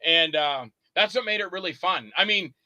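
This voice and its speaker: A man with a high, very bright, forceful voice, guesting on an interview and spinning lively anecdotes. He acts out every person in his stories and curses freely. His voice sounds close and dry, with no room echo. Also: moderate pace. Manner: animated, acts out the other people in his stories; swears freely. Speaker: guest, indie horror actor and filmmaker. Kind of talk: casual interview storytelling.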